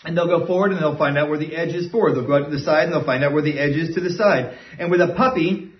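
A man's voice: a little high, quick pace. A man who trains dogs gives a casual, step-by-step lesson and often checks in with "right?". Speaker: dog trainer. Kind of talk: instructional talk. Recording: dull, roomy sound from a distant mic.

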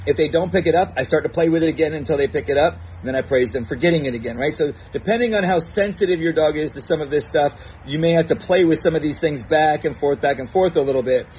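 Calm man explaining dog training step by step. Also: a little high, quick pace, hardly any pauses, highs cut off, slight background noise. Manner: calm step-by-step explainer who acts out his commands in a bright praising tone. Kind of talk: recorded instructional segment.

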